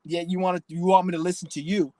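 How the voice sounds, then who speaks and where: A man's voice: high-pitched, little pitch movement, fast, mellow, no room sound, poor audio. A young man hosting his own channel, ranting bluntly and profanely in a preachy, emotional way. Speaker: channel host. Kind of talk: casual vlog rant.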